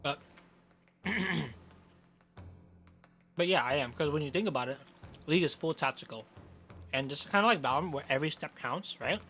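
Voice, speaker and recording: A man's voice: on the high side, normal speed, pauses often, sharp tone, soft background music. A man streaming and chatting casually about games, rambling and swearing freely.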